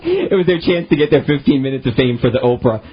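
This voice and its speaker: A man's voice: mid-range voice, lively intonation, fast, slightly rough. A man hosting a talk radio show, bantering bluntly and joking with his co-hosts on a lo-fi AM broadcast. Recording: lo-fi AM radio broadcast with faint music.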